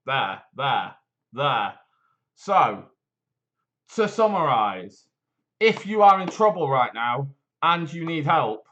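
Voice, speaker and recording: A man's voice: a little high, animated, moderate pace, fairly bright tone, lo-fi sound. A man hosting a local live stream, reading a promotion and rambling in a jokey, self-deprecating way. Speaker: host of a local live show. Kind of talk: casual live-stream chat with read promotion.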